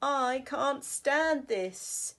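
A woman voicing a weary, grumbling father bear in a storybook reading, complaining slowly and drawn out. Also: fairly high pitch, fairly even intonation. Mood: exasperated.

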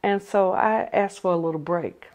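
An older woman telling a personal story with lively energy, acting out the conversations she recounts. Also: on the low side, normal speed. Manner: animated, acts out the dialogue in her story.

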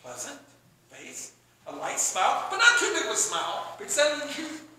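A man preaching a sermon in an animated, excitable way, often acting out both sides of a conversation. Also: very high voice, normal speed, very echoey, slight background noise, low-quality recording. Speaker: pastor.

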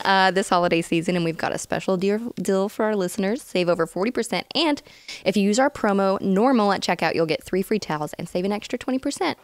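A woman's voice: medium pitch, quick pace, no room sound. A woman from Dallas with a Texas accent, giving an upbeat, breezy ad read as a podcast co-host.

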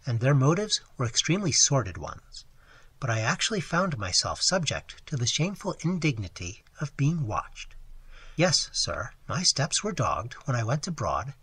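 Hushed, scheming young lady, read by a hoarse man, bright and husky. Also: medium pitch, no echo, heavily acted. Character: scheming genteel young woman feigning distress.

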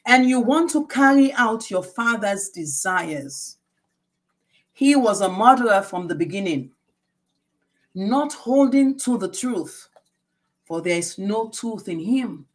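A middle-aged woman preaching a sermon, reading scripture aloud and explaining it slowly and with emphasis. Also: mid-range voice, animated.

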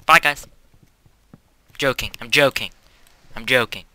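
In casual gameplay commentary from his quiet home, a hyperactive young man rambles and mocks himself, letting out abrupt squeals and whispering asides. He speaks on the low side at a moderate pace with frequent pauses, his tone bright and forceful, on a low-quality recording with a little hiss or hum.

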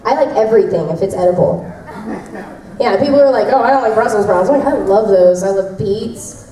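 A woman's voice: mid-range voice, a little fast, mellow, distant mic. A young woman voice actress answering fan questions at a convention panel, chatty and laughing often as she tells stories. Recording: echoey hall, mic heard from afar.

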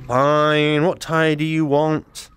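A man's voice: fairly high pitch, level tone, slow, fairly bright tone, soft background music. Joking man playing a VR game. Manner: joking, muttering to himself. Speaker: gaming YouTuber.

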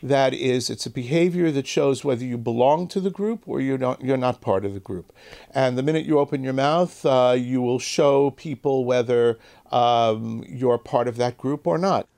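Measured man explaining like an expert. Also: medium pitch, vocal fry, darkish tone. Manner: measured, lecturing, with fillers. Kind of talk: explanatory interview talk.

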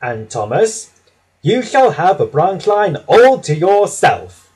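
Male reader as a stern but kind railway boss, slow and measured; storybook. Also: very animated, a little mellow, slightly rough, full character voice. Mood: approving. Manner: deliberate, lower and firmer. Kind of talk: storybook narration.

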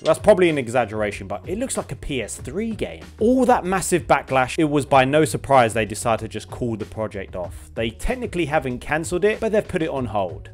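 Brief: male gaming commentator, mid pitch, animated, sarcastic. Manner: chatty, exasperated, sarcastic. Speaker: gaming channel host.

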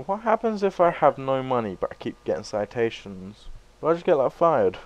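A man giving sweary, excitable let's play commentary, breaking into loud yelps between muttered remarks. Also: mid-range voice, normal speed, muffled recording. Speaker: gaming YouTuber.

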